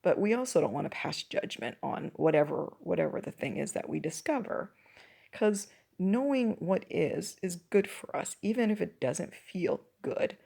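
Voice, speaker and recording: Croaky gravelly woman host, talks slow and thoughtful, voice goes up and down a lot. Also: fairly low pitch, expressive, mellow. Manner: thoughtful, speaks in halting restarts. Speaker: podcast host. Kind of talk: reflective personal monologue.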